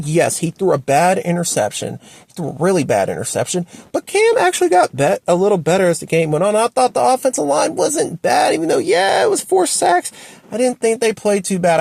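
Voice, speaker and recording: Exasperated man ranting about football. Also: gravelly. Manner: exasperated, repetitive ranting with sharp swings up and down in pitch. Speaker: sports fan commentator. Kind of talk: ranting sports opinion video. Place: home.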